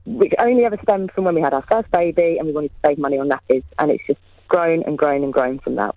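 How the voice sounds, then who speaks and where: A woman's voice: sits low, fast, no echo, muffled recording. A woman chatting casually as a radio guest, laughing often and sounding self-deprecating. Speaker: guest, mother of three.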